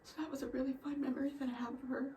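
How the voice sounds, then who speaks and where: A young woman telling personal stories in a vlog, soft-spoken and halting, often dropping to near a whisper, emotional. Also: high voice, flat delivery, a little hiss or hum, low-quality recording. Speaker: vlogger.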